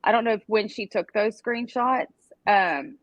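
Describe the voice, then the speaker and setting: A woman co-hosting a casual live chat, excitable and quick to swear. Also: mid-range voice, no echo, dull audio.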